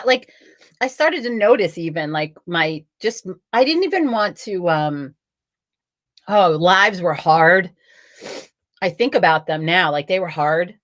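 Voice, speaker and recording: A woman's voice: lowish voice, a bit bright. Blunt, profane woman streaming live. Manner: blunt and profane, reads viewer comments aloud. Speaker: host of a live tarot card stream. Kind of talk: casual live-stream chat.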